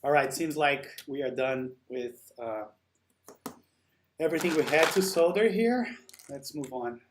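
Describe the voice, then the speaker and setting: Male live-stream host, a bit high-pitched, relaxed chatty delivery, reads and answers chat as he goes. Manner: chatty, answers viewer comments while working. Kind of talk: casual chat with live viewers.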